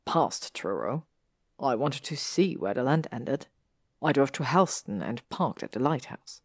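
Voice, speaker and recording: A haunted young man, pitched low with a gravelly edge, drawls his urgent pleas slowly, as a woman reads him aloud. The audiobook sound is dry and close. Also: sing-song, dry recording, exaggerated voice. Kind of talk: audiobook reading of fan fiction.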